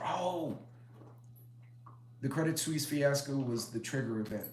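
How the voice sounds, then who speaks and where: A man's voice: mid-range voice, lively intonation, measured pace, long pauses, darkish tone, slight background noise. A middle-aged man hosting a casual live stream, rambling and chatty as he greets commenters. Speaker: preparedness live-stream host. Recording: echoey room.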